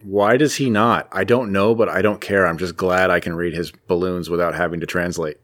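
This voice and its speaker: A man with a fairly low voice co-hosts a casual podcast. He rambles along with plenty of fillers and restarts and sounds easygoing and enthusiastic. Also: fairly even intonation, brisk, a bit bright. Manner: chatty and rambling, with frequent fillers. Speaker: podcast co-host. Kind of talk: casual chat about comics.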